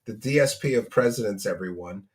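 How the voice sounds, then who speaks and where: A man's voice: lowish voice, fairly quick. A man hosting a casual commentary stream, mocking his subject, laughing often and thanking donors by name.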